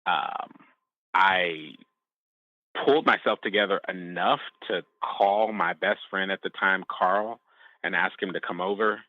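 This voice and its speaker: A man sharing a personal testimony as a podcast guest, speaking in a halting, reflective way with frequent restarts. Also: deep voice, dry recording, narrow, tinny audio.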